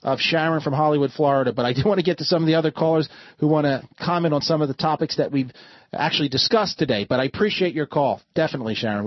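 A man hosting a call-in talk radio show, earnest and quick to cut callers off. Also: fairly high pitch, no room sound, dull audio. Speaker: guest radio show host.

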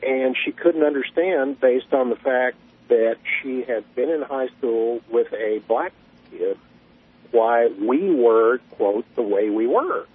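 A man's voice: mid-range voice, breathy edge. Man telling a story by phone. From Southern US. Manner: folksy, unhurried storyteller. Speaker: caller. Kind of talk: radio call-in storytelling. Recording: tinny phone line.

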